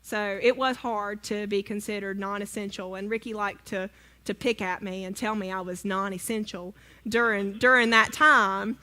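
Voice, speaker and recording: Bright woman telling church stories. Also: medium pitch, steady tone, moderate pace. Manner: chatty, self-deprecating, asks audience questions. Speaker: speaker at church service. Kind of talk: humorous personal story sermon. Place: church sanctuary.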